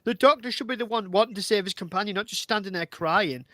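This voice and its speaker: A man from northern England with a Northern English accent, co-hosting a casual podcast discussion, animated and indignant as he acts out speeches. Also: sits high, quick pace, dry recording. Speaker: podcast co-host.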